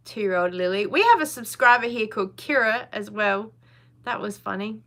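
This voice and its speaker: A woman's voice: medium pitch, expressive, moderate pace, fairly bright tone. A woman, hosting a casual live chat, chatty and blunt, laughing often. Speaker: live stream host.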